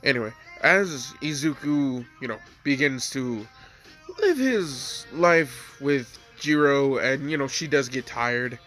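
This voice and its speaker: A man's voice: mid-range voice, animated, slow pace, a bit bright, faint music behind. A man with a stuffy nose, casually narrating his own fan story, rambling and loaded with fillers.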